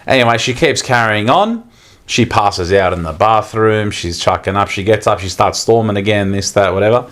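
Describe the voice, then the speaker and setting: Animated Australian man telling a story. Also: lowish voice, moderate pace. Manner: animated, rambling storyteller, swears freely. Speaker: podcast co-host. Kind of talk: casual chat, telling a story.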